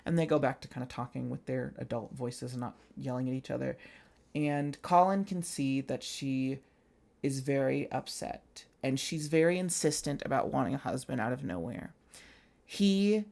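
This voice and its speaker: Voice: medium pitch, moderate pace, gravelly. A casual video essayist talking at length, chatty and blunt, full of "like" and "um" fillers and the occasional swear. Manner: chatty and filler-heavy, with frequent "like" and "um". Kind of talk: casual commentary monologue.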